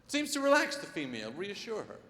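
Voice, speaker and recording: A man performing a live stand-up routine in a large concert hall, with exasperated, incredulous observations and quick voice impressions. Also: sits high, huge pitch swings, sharp tone. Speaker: stand-up comedian. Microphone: soundboard feed from a stage mic. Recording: live hall board recording with faint reverb.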